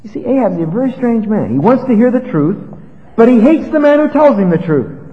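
A man preaching an expository sermon, retelling a Bible story in a conversational, animated way. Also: very high-pitched, brisk. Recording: dull lo-fi with long reverb.

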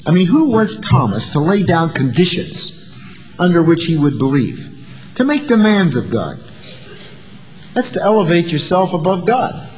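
A man's voice: fairly high pitch, sing-song, normal speed, darkish tone, big-room sound, soft background music. A man preaching a sermon in a dramatic way, acting out the voices of the people in his story. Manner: dramatic, acts out voices of the disciples and doubters.

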